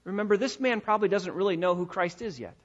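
A pastor delivering a sermon in a church, emphatic and repeating key phrases, slowing down to stress his points. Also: high voice. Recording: dull lo-fi recording.

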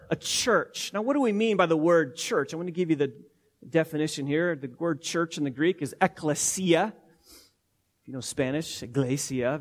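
A man preaching an expository sermon as pastor, teaching emphatically word by word with frequent repetitions. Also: a little high.

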